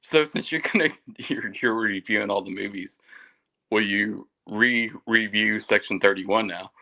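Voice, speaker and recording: A man's voice: on the low side, unhurried, creaky, pushed and bright, low-quality recording. A man co-hosting a podcast, teasing his friends and laughing often. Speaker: podcast co-host. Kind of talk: casual chat.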